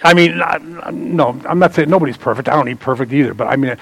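A man preaching a sermon in a loose, conversational way, bantering with the congregation and swinging from loud emphasis to quiet asides. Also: mid-range voice, fast talker, gravelly, slightly rough, dry recording, poor audio. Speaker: pastor.

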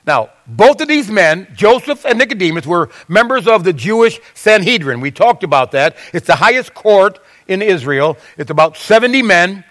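A man with a high voice preaches in a chatty, conversational way. He reads scripture aloud and turns to his listeners with questions. His voice rises and gets louder when he quotes the verses. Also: very animated, moderate pace, hardly any pauses. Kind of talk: sermon.

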